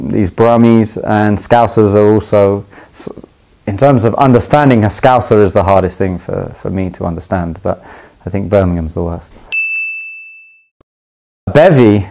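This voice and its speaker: A young man with a London accent, a footballer, casually explaining slang in a chatty, easygoing way with lots of ums and quick laughs. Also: fairly low pitch, rough recording. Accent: London English. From England. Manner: relaxed, chatty, laughs easily, many ums and restarts.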